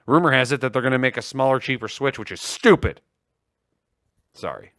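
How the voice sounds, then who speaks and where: Animated joking male stream co-host. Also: mid-range voice, dry recording, clean studio sound. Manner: joking, animated, reads promos quickly. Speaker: livestream co-host. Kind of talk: casual tech chat.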